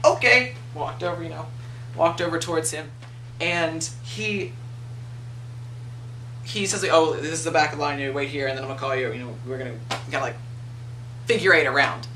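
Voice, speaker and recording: Young man, early twenties, animated vlog storyteller, bright tone, slightly distant mic with faint hum. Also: a little high, moderate pace, long pauses. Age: 20s. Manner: animated, swears freely, acts out quoted people. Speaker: video blogger. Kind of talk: casual storytelling rant.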